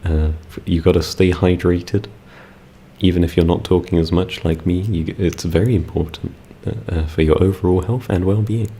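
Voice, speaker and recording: A man's voice: low-pitched, steady tone, normal speed, dark tone, slightly rough. A young British man chatting casually with his live-stream audience, laid-back and giggly, rambling with fillers. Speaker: ASMR streamer.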